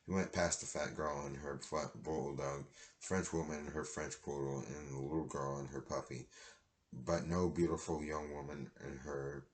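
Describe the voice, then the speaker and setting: A man reads a children's storybook aloud in a plain way, now and then stumbling and restarting. His voice is extremely deep and stays nearly flat in pitch. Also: moderate pace. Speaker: reader.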